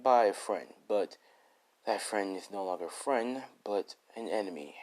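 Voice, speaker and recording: A man doing a hushed, masked ice-warrior mentor. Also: unhurried, natural voice. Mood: stern. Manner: low, hushed masked voice, lecturing. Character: ancient male ice warrior, stern mentor.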